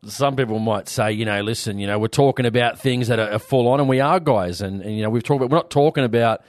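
A man's voice: medium pitch, fast talker, no echo. Easygoing male podcast host, dry sound. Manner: relaxed, easygoing, addresses listeners. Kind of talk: casual chat.

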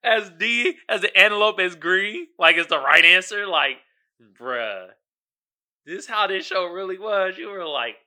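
Male solo podcast host, very bright, sharp voice, swings wide in pitch; casual slang, laughs, loud bursts. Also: moderate pace. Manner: animated, laughing, breaks into loud outbursts; slangy, addresses listeners directly.

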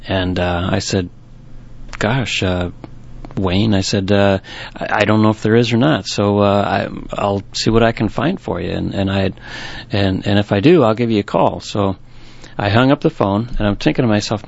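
A man's voice: fairly low pitch, normal speed, vocal fry. A man who owns a bookstore, telling rambling anecdotes in an interview with many restarts. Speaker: bookstore owner. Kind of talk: storytelling interview. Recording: dull, lo-fi recording.

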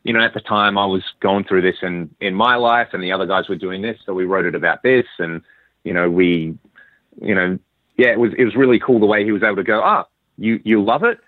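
A lowish-voiced Australian man chatting on a call as an interview guest. He rambles through his story with lots of restarts. The line is tinny and phone-like, with a dry, close sound. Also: fast, dry recording. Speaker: guest musician. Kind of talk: casual interview chat.

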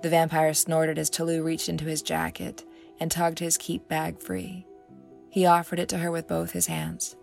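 A woman narrating her own fantasy story in a measured, expressive way. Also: low voice, gravelly, faint music behind. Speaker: author and narrator.

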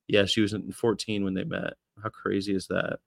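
A man's voice: deep voice, little pitch movement, normal speed, creaky, no room sound, clean studio sound. Blunt, teasing man from the States. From United States. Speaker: podcast co-host. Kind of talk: casual podcast chat. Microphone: video call.

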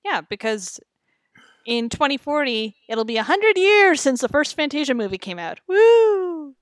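A woman's voice: high-pitched, expressive, moderate pace, fairly bright tone, dry recording. A woman co-hosting a podcast, chatting casually with dry, teasing remarks. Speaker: podcast co-host.

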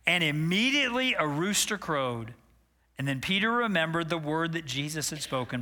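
A man preaching an animated, dramatic sermon as pastor. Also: high voice, measured pace.

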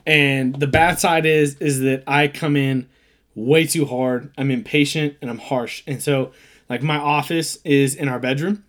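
A man's voice: mid-range voice, unhurried. A man in his thirties co-hosting a casual chat, telling stories and acting out the quotes with energy. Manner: animated storyteller who acts out quotes. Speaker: podcast co-host.

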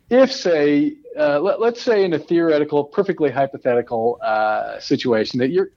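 A man in a casual chat, joking and halting, with lots of fillers and restarts. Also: a little high, expressive, darkish tone. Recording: slightly dull dry sound.

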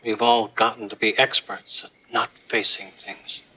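Consoling man, husky, bright tone, gentle and measured. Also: lowish voice, little pitch movement, exaggerated voice, poor audio. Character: calm man consoling a friend.

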